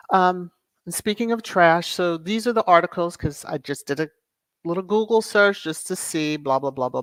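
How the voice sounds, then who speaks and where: A woman's voice: low-pitched, no room sound. A woman hosting her own commentary channel, talking casually to viewers with sassy, exasperated asides.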